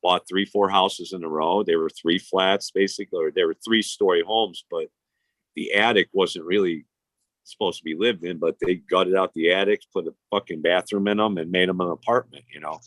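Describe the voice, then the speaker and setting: A man's voice: low voice, steady tone, normal speed, a bit bright, dry recording. A man, telling stories in casual, profane, rambling chat as a podcast host. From Chicago. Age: 50s.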